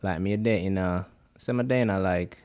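A man's voice: sits low, normal speed, a little mellow. A man with a Jamaican accent, chatting casually as a podcast co-host in a rambling patois style. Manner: rambling Jamaican patois speech, many fillers. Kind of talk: casual chat.

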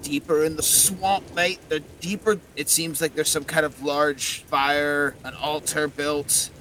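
A man voicing the cursed skull of a male werewolf gang member, talking in a rough, pained, gruff and slangy way. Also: a little high, steady tone, measured pace, pushed and bright, a little hiss or hum.

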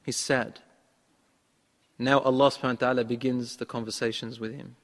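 A man's voice: medium pitch, flat delivery, fairly quick, big-room sound. A man preaching a sermon, who retells a story and acts out the lines of the man in it.

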